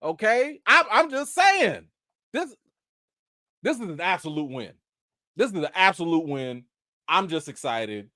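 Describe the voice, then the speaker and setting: A man hosting a casual live-stream chat, speaking, breaking into excited exclamations and reading viewer comments aloud. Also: on the high side, normal speed, dry recording, studio quality. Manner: animated, preacher-like exclamations. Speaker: host of a live chat show.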